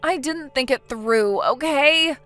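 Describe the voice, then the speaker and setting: A woman voicing a defensive, self-pitying young wife in a text story, in a somewhat high voice. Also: slow pace, sharp tone, faint music behind, full character voice. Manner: whiny, defensive.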